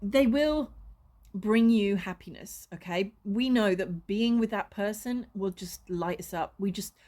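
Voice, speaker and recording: A woman's voice: mid-range voice, measured pace, a little mellow. A woman, a spiritual coach, talking to camera in a casual vlog, passionate and emotional, laughing often and swearing freely.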